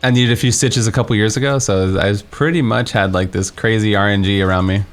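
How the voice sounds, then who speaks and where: A man's voice: fairly low pitch, fairly even intonation, fairly quick, faint music behind. A young man streaming a game, telling a story in a casual, rambling way with many fillers and restarts. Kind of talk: casual storytelling while playing.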